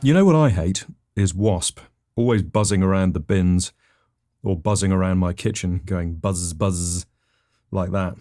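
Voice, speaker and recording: A man with a fairly low voice tells surreal comic stories on a podcast. His delivery is deadpan and rambling, and he plainly states ridiculous things as if they were facts. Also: moderate pace. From England. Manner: rambling, matter-of-fact delivery with self-corrections. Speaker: comedy podcast host. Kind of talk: deadpan absurd storytelling.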